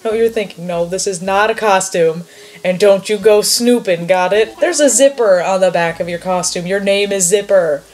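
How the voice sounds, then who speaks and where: A woman's voice: mid-range voice, moderate pace, a little mellow, natural voice. A woman reading aloud the lines of a chirpy male bunny in a costume, in a sing-song rhyming patter. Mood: cheery. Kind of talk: reading game dialogue aloud.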